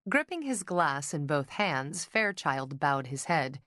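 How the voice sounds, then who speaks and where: Slow, low-voiced woman narrating a novel. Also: very animated, a bit bright, no echo, clean studio sound. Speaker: audiobook narrator.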